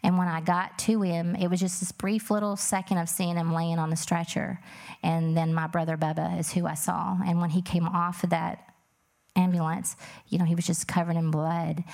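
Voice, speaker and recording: A woman's voice: on the low side, vocal fry, darkish tone. A woman telling a personal testimony about her son, earnest and plain-spoken, with many fillers. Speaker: mother telling her story.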